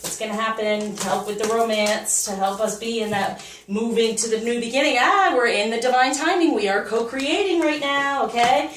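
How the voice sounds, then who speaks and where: A woman's voice: on the high side, normal speed. A woman giving a casual spoken tarot reading as a spiritual coach, upbeat and encouraging. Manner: upbeat, encouraging, animated with laughs and quoted asides. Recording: echoey room, voice a bit far from the mic, faint noise.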